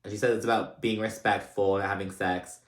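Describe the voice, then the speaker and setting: A man's voice: fairly low pitch, brisk. A man casually recapping a reality TV episode, chatty and rambling, full of fillers and restarts. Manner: animated when retelling funny scenes. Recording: roomy echoey room.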